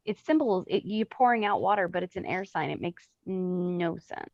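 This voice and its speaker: Brief: woman co-host, low and very animated, muffled dull recording. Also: normal speed, no room sound. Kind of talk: casual chat.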